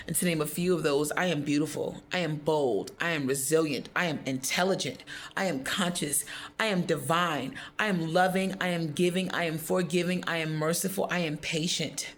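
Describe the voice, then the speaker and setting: A woman's voice: on the low side, creaky. A woman speaking straight to her viewers in an impassioned, defiant faith monologue, reciting affirmations one after another. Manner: defiant and declarative, repeating affirmations. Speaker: vlogger.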